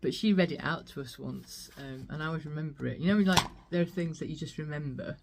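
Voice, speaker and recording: A woman's voice: deep voice, quick pace, vocal fry, heavy background noise. A woman vlogging her thrift finds in a chatty, rambling way, laughing often. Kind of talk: casual chat.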